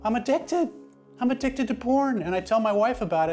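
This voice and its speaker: A man's voice: high-pitched, lively intonation, brisk, a little mellow, faint music behind. A man speaking as an interview guest, telling a personal story in an emphatic way that builds in intensity.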